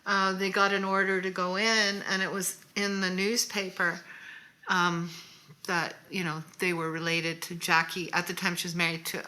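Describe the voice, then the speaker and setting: A woman co-hosting a casual makeup chat, a lively storyteller who adds details and wry asides. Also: lowish voice, normal speed, rough recording. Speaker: co-host.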